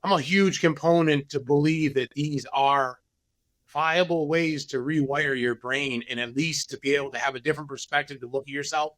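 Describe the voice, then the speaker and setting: A man's voice: fairly high pitch, fairly even intonation, normal speed, fairly bright tone, no echo. A man, a podcast guest, telling his story candidly and acting out other people's lines. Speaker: podcast guest, business owner.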